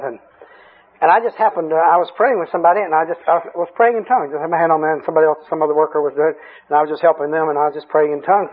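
A man preaching a sermon, telling folksy stories with frequent chuckles, in a husky voice. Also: on the high side. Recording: tinny lo-fi radio broadcast.

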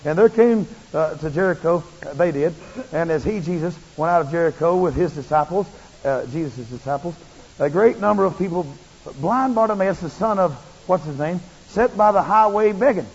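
A male preacher giving a fervent, repetitive sermon that rises into shouts. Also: on the high side, expressive, normal speed, breathy edge. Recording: muffled, long hall reverb.

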